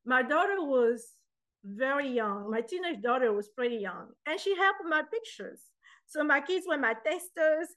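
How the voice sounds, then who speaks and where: Woman guest, high voice, relaxed chatty storyteller who slips into the voices of people in her stories. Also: normal speed. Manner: animated, acts out dialogue in her anecdotes. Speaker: guest, author and poet. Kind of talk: casual interview storytelling.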